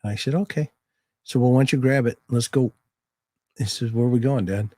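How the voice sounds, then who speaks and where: Older male guest, folksy and fatherly, mid-pitched voice, dry close sound. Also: fairly quick, no room sound. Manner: folksy, steady storyteller, fatherly. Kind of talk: casual chat.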